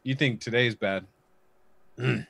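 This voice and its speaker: A man's voice: mid-range voice, slow, vocal fry, fairly bright tone, a little hiss or hum. A man co-hosting a casual sports stream, teasing and laughing. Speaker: co-host.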